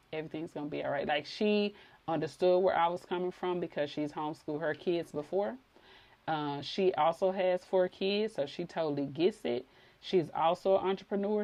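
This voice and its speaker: A woman's voice: fairly low pitch, moderate pace, a little mellow. A woman hosting a podcast, telling a personal story in a conversational way and acting out quoted dialogue. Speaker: podcast host.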